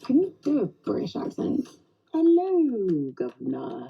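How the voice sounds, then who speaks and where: A woman's voice: mid-range voice, wildly swooping pitch, measured pace, gravelly, full character voice. An actress playing a wisecracking female assassin in a film trailer, dry and sardonic. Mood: wry. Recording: dull trailer audio over music.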